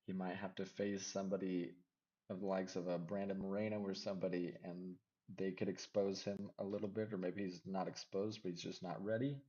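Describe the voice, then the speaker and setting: A man giving casual MMA fight predictions, rambling and second-guessing himself out loud. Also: sits low, flat delivery, brisk, highs cut off. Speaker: MMA fight picks vlogger.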